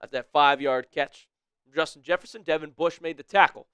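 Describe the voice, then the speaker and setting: Excitable high-voiced male stream commentator. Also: moderate pace, clear, resonant tone, no room sound, clean studio sound. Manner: shouting excitedly at big plays, laughing often, putting on a playful mock British accent. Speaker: live stream co-host doing play-by-play. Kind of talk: excited fan play-by-play on a live stream.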